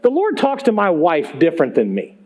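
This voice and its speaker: A man's voice: a little high, wildly swooping pitch, brisk, darkish tone. A man preaching in a church, talking conversationally to the congregation with emphatic rhetorical questions. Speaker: pastor. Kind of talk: sermon. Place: church sanctuary.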